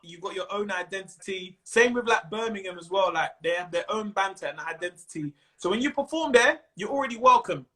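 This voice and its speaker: A high, bright-voiced man with a London accent talks in a relaxed interview. He is animated, peppers his talk with street slang and keeps slipping into quick impressions of other people. His tone is sharp and forward. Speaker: comedian guest. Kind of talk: casual interview chat. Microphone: Instagram live stream.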